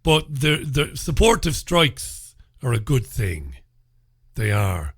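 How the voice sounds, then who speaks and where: A man's voice: medium pitch, big pitch swings, slow, fairly bright tone, husky, no room sound, studio quality. A man with an Irish accent hosting a solo talk radio show, chatty and opinionated with informal asides. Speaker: radio host. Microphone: studio microphone.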